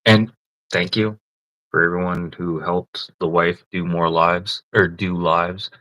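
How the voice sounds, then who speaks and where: A low-voiced man chatting casually on a livestream. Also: fairly even intonation, slow, bright, forceful tone, dry recording, low-quality recording. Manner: swearing, laughing often, teasing. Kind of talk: casual live-stream chat.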